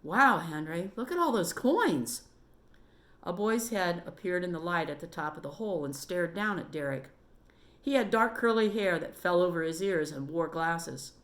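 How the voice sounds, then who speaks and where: A woman reading a children's book aloud in a steady, measured storytelling manner. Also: on the low side.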